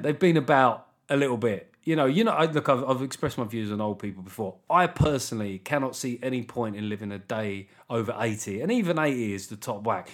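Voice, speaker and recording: Brief: British male podcast host, middle-aged, dry sardonic rant, casual and rambling. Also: mid-range voice. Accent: British English. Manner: wry, ranting, lots of fillers and restarts. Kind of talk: casual solo podcast chat.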